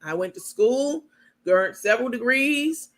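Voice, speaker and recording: A woman's voice: a little high, expressive, measured pace. A woman host talking casually and candidly to her viewers, calling them baby and y'all and bragging on herself. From New York.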